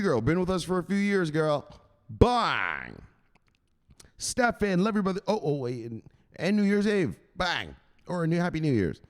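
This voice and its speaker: A man hosting a casual stream, loose and profane, tossing out shoutouts to viewers between laughs. His fairly high voice swings widely in pitch and carries a long room echo. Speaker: host.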